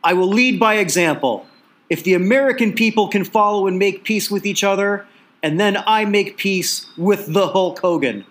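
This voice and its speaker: A man doing a loud blunt old wrestler. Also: sits high, normal speed, voice pushed up. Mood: proclaiming. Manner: broken English, loud proclamations. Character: impression of a famous old wrestler, gruff and blunt.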